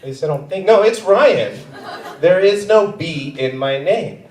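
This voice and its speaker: A man in his thirties doing a stand-up set, self-mocking and often dropping into quiet asides. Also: high voice, animated, unhurried, background noise. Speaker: stand-up comedian. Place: comedy theater stage. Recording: echoey theater, far from mic.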